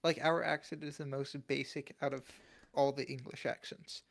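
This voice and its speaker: A man's voice: mid-range voice, fairly even intonation, moderate pace, creaky. A young man with a Midwestern American accent, co-hosting a casual podcast, joking and laughing often. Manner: joking, laughs often, reads aloud from searches. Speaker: podcast co-host. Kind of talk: casual chat.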